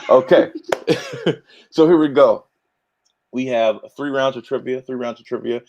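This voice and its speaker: A man's voice: medium pitch, unhurried, a little mellow. A man hosting a casual livestream trivia game, chatty and upbeat with announcer-style hype and many fillers, over muffled lo-fi audio. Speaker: trivia game show host.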